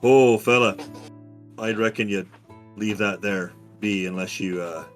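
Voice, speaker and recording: A man voicing a gruff, gun-loving American cowboy with a slow, threatening drawl. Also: lowish voice, soft background music, close to an everyday voice.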